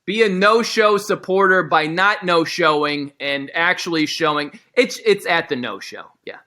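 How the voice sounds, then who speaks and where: A man guesting on a sports talk show, animated, opinionated and jokey. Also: a little high, normal speed.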